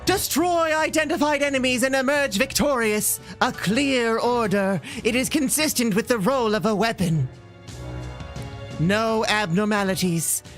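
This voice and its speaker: Woman doing a deadpan android girl, put-on Boston accent, clipped readout, faint game music. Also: a little high, measured pace, pitched above the performer's own voice, close to an everyday voice. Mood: robotic. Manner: clipped, robotic readout delivery. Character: flat-voiced female android reading archives.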